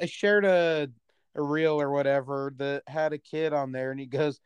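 Podcast co-host, a man with a smooth, slightly high voice, animated and chatty, laughing mid-story. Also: moderate pace, no room sound. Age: adult parent. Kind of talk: casual podcast chat.

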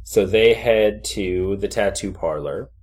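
A man's voice: on the low side, takes it slowly, a little mellow. A man co-hosting a podcast, recapping in casual chat with dry, joking asides. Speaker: podcast co-host.

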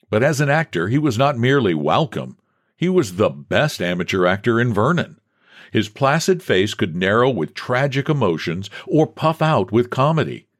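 A man narrating a novel aloud in a scripted storytelling style, with expressive, varied delivery. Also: on the low side. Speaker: audiobook narrator.

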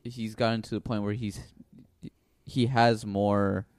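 A man's voice: on the low side, fairly even intonation, unhurried, a little mellow, dry recording, clean studio sound. Easygoing man chatting on a podcast. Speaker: podcast co-host. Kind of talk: casual chat.

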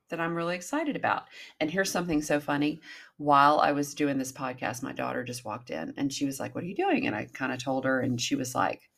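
A woman in her fifties with a notably low-pitched voice hosts a casual self-help podcast. She talks in a candid, chatty way and swears now and then. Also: fairly bright tone. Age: 50s. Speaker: podcast host.

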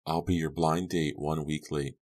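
A man voicing a coy, mysterious teenage girl, very deep. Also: level tone, moderate pace, darkish tone. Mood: teasing. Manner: low, purring and teasing.

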